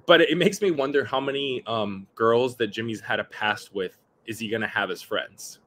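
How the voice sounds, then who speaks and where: Animated man on a video call. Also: medium pitch, moderate pace, slight background noise. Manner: animated, mimics people he describes. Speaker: podcast guest. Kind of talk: casual chat.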